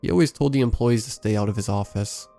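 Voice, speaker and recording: A man reading a first-person scary story aloud in a measured, scripted storytelling delivery. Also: fairly low pitch, gravelly, warm tone, soft background music. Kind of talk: scripted horror story narration.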